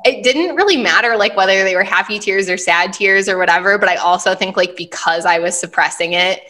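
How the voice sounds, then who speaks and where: A woman's voice: mid-range voice, fairly quick, bright, forceful tone. A woman hosting a casual podcast conversation, chatty and full of fillers, often acting out her own thoughts as quotes. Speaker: host, money and business mentor.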